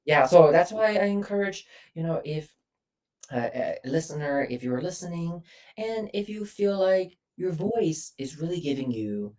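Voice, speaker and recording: A woman's voice: low voice, expressive, a little slow, darkish tone, distant mic. A woman voice coach, a guest on the show, explaining technique with many hesitations and fillers over a remote call. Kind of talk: instructive interview answers.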